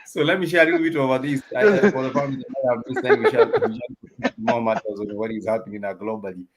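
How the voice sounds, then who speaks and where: A man co-hosting a live online talk show, speaking haltingly with many restarts and fillers. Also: medium pitch, huge pitch swings, poor audio. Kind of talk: casual chat. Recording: crowd noise behind.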